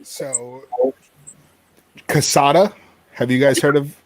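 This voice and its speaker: A man co-hosting a casual chat over a video call. He talks in a chatty way with halting restarts. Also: medium pitch, steady tone, dry recording, low-quality recording. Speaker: co-host.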